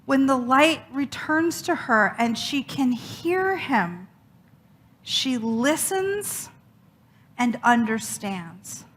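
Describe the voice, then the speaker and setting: A woman minister preaching a sermon in a high, bright voice. She tells the story dramatically, with emphatic repetition and a slow, deliberate pace. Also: animated.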